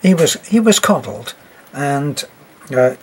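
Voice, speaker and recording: An older man talks about reading stories to children, taking his time over each phrase. His voice sits a touch higher than most men's, and he slips in dry jokes as he teaches. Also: very animated, darkish tone, a little hiss or hum. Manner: slow, reflective storyteller with asides and wry jokes. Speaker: narration teacher. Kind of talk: talk on narrating for children.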